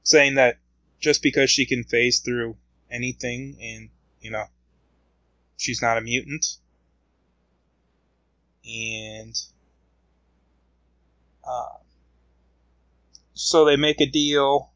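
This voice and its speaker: A man's voice: mid-range voice, steady tone, drawn-out words, pauses often, a bit bright, no room sound, rough recording. A man casually retelling a comic book story, rambling along with frequent fillers.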